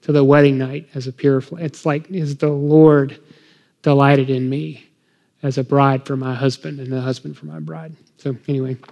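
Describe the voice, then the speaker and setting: A man's voice: medium pitch, level tone, moderate pace, creaky, mellow, big-room sound, lo-fi sound. A middle-aged man talking earnestly about parenting and faith, acting out short conversations with a child. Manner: earnest, emotional, acts out parent-child dialogue. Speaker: guest speaker on parenting.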